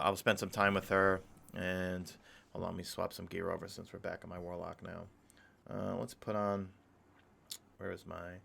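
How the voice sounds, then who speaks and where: A man's voice: sits low, vocal fry, pushed and bright, slight background noise. A young adult man streaming a game live, chatting casually in a rambling way and greeting viewers from chat. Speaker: gaming streamer.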